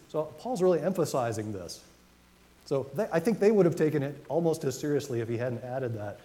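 Man, pastor, sermon, warm mellow tone, slow emphatic scripture reading, long echo of a church hall. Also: fairly high pitch, lively intonation. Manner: conversational, reads scripture slowly with emphasis. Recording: long reverb of a hall, faint noise.

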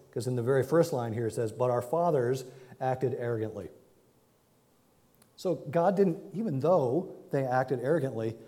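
A man preaches to his congregation in an easygoing, conversational way. His voice sits at a middle pitch, and a long reverb trails behind it as it fills a large hall. When he tells a story, he acts out the figures in it with a raised voice. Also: warm tone. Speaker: pastor. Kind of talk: sermon.

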